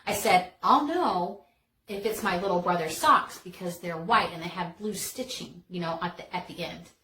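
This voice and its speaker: A woman tells a childhood story on her vlog in a casual, animated way, jumping into dramatic bits along the way. Her voice is bright and forward. The room around her is echoey, with a faint hiss behind it. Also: lowish voice, normal speed. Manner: animated, dramatic retelling with filler words. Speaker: storytelling vlogger.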